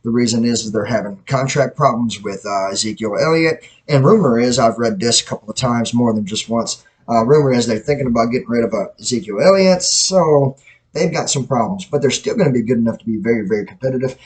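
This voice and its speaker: A mid-range male voice moves fast over a low-quality recording. The man hosts his own self-produced podcast with a podcast mic, rambling casually through blunt, opinionated sports takes and correcting himself often.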